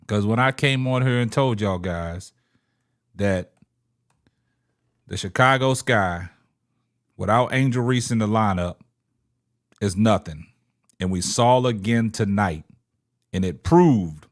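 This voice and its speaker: Young guy on a sports livestream, lowish voice, super casual, says man every other line. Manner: loose, repeats "man" constantly, shouts out viewers. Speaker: podcast host.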